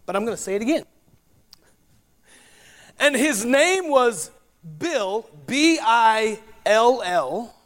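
A man with a Southern US accent from North Carolina, preaching a sermon in a folksy, chatty way, with asides and spelled-out words. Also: sits high. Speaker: pastor.

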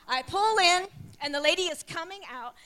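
A middle-aged woman, a pastor's wife, sharing a testimony and telling the story with lively acted-out quotes. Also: extremely high pitch, normal speed.

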